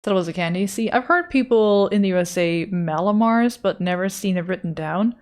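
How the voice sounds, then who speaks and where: A woman's voice: mid-range voice, brisk, a little mellow. A woman art streamer chatting casually with her chat, loose and profane as she answers messages.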